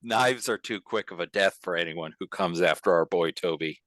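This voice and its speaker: A woman voicing a menacing, vengeful and protective avenger in a very deep, growling voice. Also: moderate pace, no echo.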